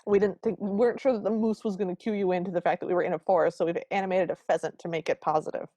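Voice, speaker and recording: A woman's voice: on the low side, steady tone, racing, mellow, no echo. A woman co-hosting a podcast, recapping a film in casual chat with sarcastic comic asides. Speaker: podcast co-host.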